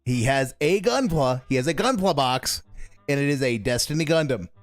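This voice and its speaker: A man's voice: mid-range voice, expressive, normal speed, no echo. A man streaming, reacting to a video with mocking commentary and frequent laughter.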